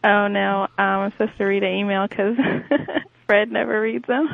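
A woman's voice: medium pitch, fairly even intonation, normal speed, gravelly, no room sound, phone-quality sound. A woman calling in to a radio show, hesitant and a little giggly. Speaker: caller. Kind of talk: casual chat on a radio call.

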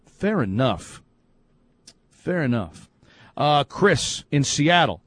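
A man's voice: fairly high pitch, very animated, slow, pauses often, fairly bright tone, slightly rough, no room sound. A man hosting a sports podcast, casually chatting and reading out listener emails in an upbeat way. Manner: chatty and upbeat, often laughing at messages. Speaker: podcast host.

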